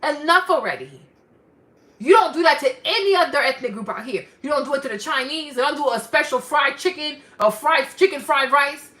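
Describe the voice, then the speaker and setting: A woman vlogger delivering a ranting commentary, animated and emphatic, repeating herself for effect. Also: high-pitched, a little fast, few pauses.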